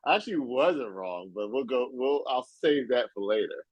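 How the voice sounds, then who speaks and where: A man on a crypto livestream, boastful and animated as he claims he called the market right. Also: mid-range voice, normal speed, no room sound, highs cut off. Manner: boastful, animated, laughing at rivals. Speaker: guest analyst. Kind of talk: casual crypto livestream chat.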